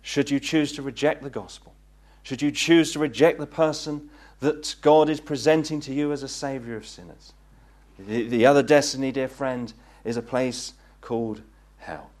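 Man, gospel preacher, earnest, pleading, fervent swells, hushed drops, middle pitch. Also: fairly even intonation, moderate pace. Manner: earnest, pleading, rising to fervent peaks then dropping low. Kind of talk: gospel sermon. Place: meeting hall.

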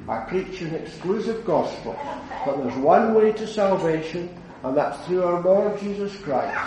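A man preaches an earnest gospel sermon, his mellow voice sitting a little high for a man. He swells into fervent declarations and then sinks low and quiet. He is heard from a distance in a very echoey hall. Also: measured pace, a little hiss or hum. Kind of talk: evangelistic sermon.

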